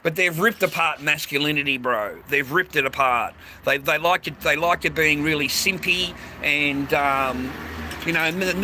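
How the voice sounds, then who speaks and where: A man with an Australian accent in a rambling, casual monologue, talking bluntly and profanely and calling the listener "mate" over and over, recorded outdoors on a city street. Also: a little high. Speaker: vlogger. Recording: noisy street with passing traffic.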